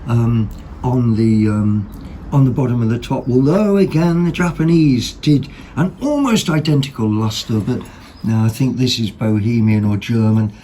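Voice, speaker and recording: A man hosting a vlog, chatting casually about second-hand finds in a rambling, excitable way, full of ums and self-corrections. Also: mid-range voice, normal speed, slight background noise. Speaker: vlog host.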